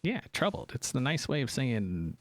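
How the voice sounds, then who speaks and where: A man's voice: medium pitch, normal speed. A man chatting casually on a live stream, joking around and reacting to viewers' comments. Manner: animated, joking, reacting to chat.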